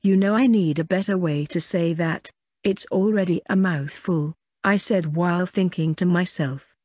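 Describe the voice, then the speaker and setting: A woman's voice: fairly low pitch, moderate pace, a little mellow, no echo, studio quality. A woman narrating a first-person audiobook in a plain, conversational reading with small slips.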